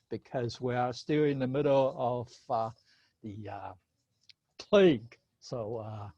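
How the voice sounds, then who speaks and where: Guy teaching a chinese class over video call, slow and patient, voice goes up and down a lot, kinda muffled. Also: mid-range voice, darkish tone, no echo. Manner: patient, mixes Chinese and English, laughs often. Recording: slightly dull video call audio.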